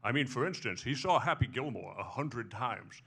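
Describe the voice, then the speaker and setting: A man on stage impersonating a folksy older narrator from Nebraska with a measured, earnest delivery. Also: mid-range voice, animated, creaky, a bit bright, breathy edge, exaggerated voice.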